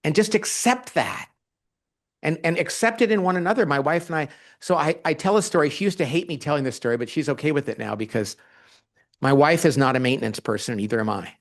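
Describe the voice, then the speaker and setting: A man, a guest author in a conversational interview, talking in an animated way and acting out quoted dialogue as he tells stories. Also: on the high side, fast talker.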